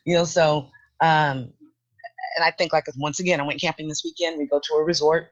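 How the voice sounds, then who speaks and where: A woman co-hosting a podcast, chatting casually and telling stories in an emphatic, animated way. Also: low-pitched, a little fast, highs cut off. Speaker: podcast co-host. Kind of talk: casual chat.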